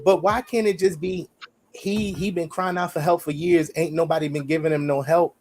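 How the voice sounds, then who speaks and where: Over soft background music, this podcast co-host argues his side of a heated casual debate, driving his points home with emphatic repetition and a recurring "you see what I'm saying." His voice is fairly high and darkish, with a steady tone and a moderate pace.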